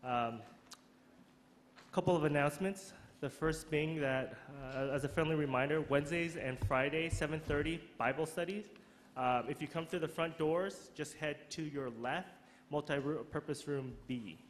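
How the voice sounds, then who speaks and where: A man leading a prayer and reading church announcements, earnest and slightly halting. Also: a little high, slight background noise. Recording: reverberant church hall with soft music.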